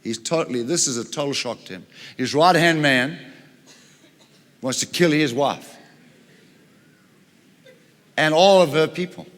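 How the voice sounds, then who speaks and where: A man preaching a storytelling sermon, retelling a Bible story in an animated way with frequent chuckles. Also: a little high, unhurried, long pauses, in a large hall.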